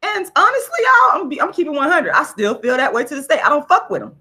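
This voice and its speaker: A woman's voice: high-pitched, big pitch swings, fast talker, sharp tone. A woman, ranting on a casual livestream vlog, blunt and profane as she tells a story. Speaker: vlogger.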